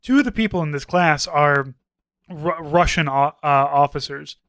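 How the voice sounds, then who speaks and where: A man's voice: a little high, normal speed, fairly bright tone, no echo. A man co-hosting a podcast, casually rambling through a story, full of fillers, quoting characters and swearing. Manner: rambling, retells scenes with quoted voices, swears. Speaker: podcast co-host. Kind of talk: casual chat.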